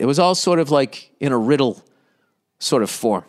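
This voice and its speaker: A man in his fifties talks alone into a podcast mic at an ordinary pitch. He rambles from story to story, cursing freely. His delivery is animated and full of side remarks. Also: normal speed. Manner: profane, animated storytelling with asides. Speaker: podcast host. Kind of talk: rambling solo comedy podcast.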